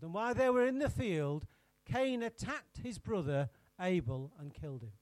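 A man's voice: high-pitched, very animated, moderate pace, darkish tone, no room sound. A man preaching an interactive sermon, teasing his congregation by name and firing questions at them.

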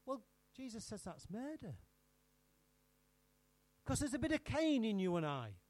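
A man's voice: very high voice, very animated, a little slow, darkish tone, no echo. A man preaching an interactive sermon, teasing his congregation by name and firing questions at them.

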